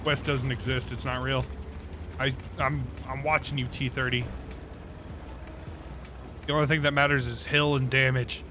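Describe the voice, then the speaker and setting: A man's voice: medium pitch, flat delivery, moderate pace, long pauses, background noise. A young man with a Midwestern accent, chatting sarcastically and rambling while streaming a game. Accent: Midwestern American. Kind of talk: casual gaming stream chat.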